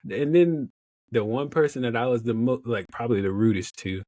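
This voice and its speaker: A young adult man telling a story as a podcast guest, animated and laughing often, acting out the other voices in his story. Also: mid-range voice, brisk, dry recording, studio quality. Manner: animated, laughs often, acts out quoted dialogue. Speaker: podcast guest, motivational speaker. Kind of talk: casual storytelling in an interview.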